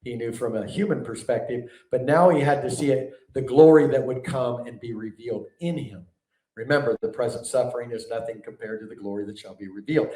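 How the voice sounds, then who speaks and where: A man's voice: medium pitch, fairly quick, dark tone. Man, preacher, conversational sermon, asks the crowd questions, roomy hall sound, distant mic. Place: large hall before a live audience.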